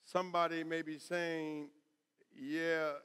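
A middle-aged man preaching a sermon as pastor, with call-and-response and rising shouts. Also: high-pitched, unhurried. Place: church sanctuary. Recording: echoey church hall.

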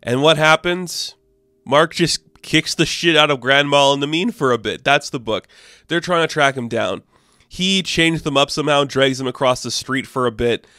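A man casually recapping a comic book issue, loose and profane, with lots of "like" and quick offhand asides. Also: mid-range voice, pushed and bright, no echo, studio quality. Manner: loose and profane, full of "like", acts out characters in passing.

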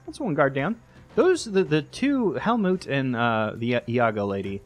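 A man's voice: medium pitch, big pitch swings, moderate pace, faint music behind. A man hosting a let's play, giving casual gameplay commentary that rambles, jokes and corrects itself as he goes. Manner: rambling, self-correcting, joking.

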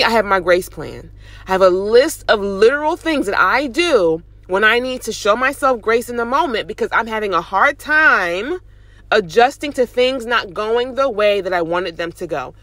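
A young woman and mom vlogger, driving while she gives an animated, chatty motivational talk. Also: mid-range voice, normal speed, no room sound. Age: young adult. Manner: animated, chatty, preachy encouragement. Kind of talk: casual motivational talk to camera. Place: in a car, driving.

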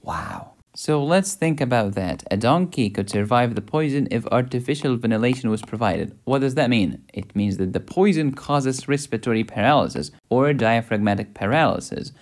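A man hosting a medical lesson, lecturing playfully with puns and quick asides. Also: mid-range voice, lively intonation, darkish tone. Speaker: medical educator and channel host.

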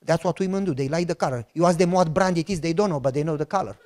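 A middle-aged man with a Romanian accent preaches, spinning a story with an animated, joking delivery. He acts out both sides of the conversations he is recounting, keeping the sermon lively. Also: a little high, racing. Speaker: pastor.

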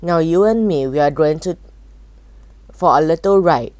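A woman reading aloud, voicing a masked man in a storybook who speaks in a gruff, demanding way. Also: low-pitched, normal speed, darkish tone, no room sound, natural voice. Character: menacing masked man claiming bushranger.

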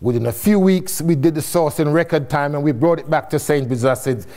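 A middle-aged man from Jamaica, telling his story as a guest speaker to a live audience, animated and laughing often, with casual swearing. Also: fairly high pitch, a little fast.

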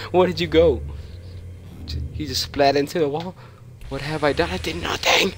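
A man's voice: a little high, steady tone, moderate pace, pauses often, a little hiss or hum. A man giving nervous let's play commentary on a horror game, jumpy, swearing and sometimes dropping to whispers. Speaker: gamer playing a horror game.

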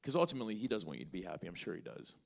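A man's voice: sits low, very fast, creaky. A male podcast host answering an audience question in front of a live crowd and telling a story with acted dialogue. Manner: acts out both sides of a conversation; relaxed, with many fillers.

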